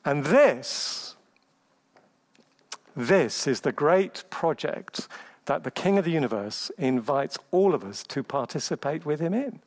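A man preaching with conviction, his voice sitting a little high for a man. He stacks up lists and fires off rhetorical questions to press each point home. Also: lively intonation, takes it slowly. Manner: emphatic, rhetorical questions, builds through lists. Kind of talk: sermon.

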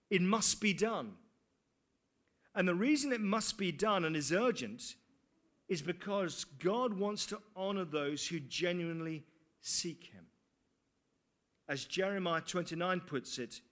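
A man's voice: on the high side, lively intonation, measured pace, fairly bright tone. A man preaching a sermon, earnest, with rhetorical questions and dry asides.

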